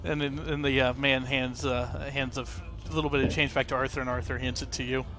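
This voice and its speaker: A man narrating a tabletop game as game master, in a relaxed, halting way with fillers. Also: mid-range voice.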